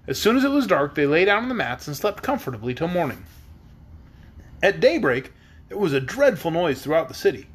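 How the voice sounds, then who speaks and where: A man's voice: a little high, very animated, a little fast, slightly rough. A man reading a storybook aloud at bedtime, acting out the characters with expression. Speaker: reader.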